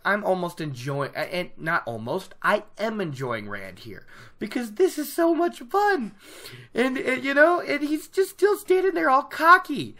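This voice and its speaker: A host giving a casual book recap, animated and opinionated, laughing often. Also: medium pitch.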